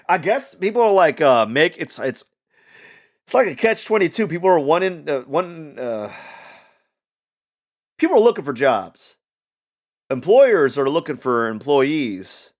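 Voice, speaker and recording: A man's voice: mid-range voice, expressive, normal speed. A man vlogging in a rambling, casual monologue, repeating himself and slipping into mock voices. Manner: restless, repeats words, slips into mock voices. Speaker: YouTube vlogger.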